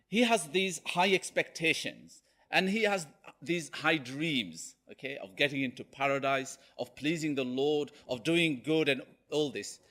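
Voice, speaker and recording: A man's voice: high voice, fairly bright tone. A man giving a Friday sermon as a preacher, telling a story animatedly and often checking in with "okay?".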